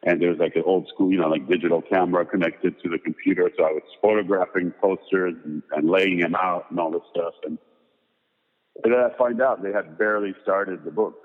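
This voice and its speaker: A low-voiced man tells a long career story in a loose, rambling way, packed with "you know" and "like." The sound is thin and phone-like, with a long reverb trailing behind him. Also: steady tone, brisk. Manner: rambling, filler-heavy anecdotes. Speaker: guest, photographer and designer. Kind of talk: casual storytelling interview.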